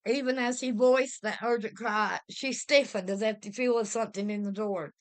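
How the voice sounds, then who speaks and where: A woman's voice: medium pitch, steady tone, normal speed, smooth. A woman giving a vivid, dramatic reading of a pulp horror story. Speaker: reader.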